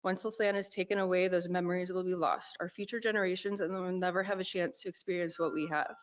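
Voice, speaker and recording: A woman's voice: on the low side, steady tone, fast talker. A young woman earnestly reading a heartfelt prepared public comment at a county meeting. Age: young adult. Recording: dull lo-fi meeting audio.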